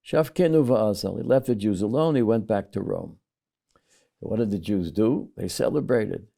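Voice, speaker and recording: An older man, a rabbi, teaching a Talmud lesson, reading Aramaic passages and paraphrasing them in English with lively storytelling. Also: medium pitch, creaky.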